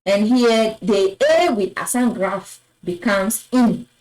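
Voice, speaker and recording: A woman teaching French pronunciation, patiently repeating each word and affirming with a soft "yes". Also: mid-range voice, slow, poor audio. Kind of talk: slow explanatory lesson.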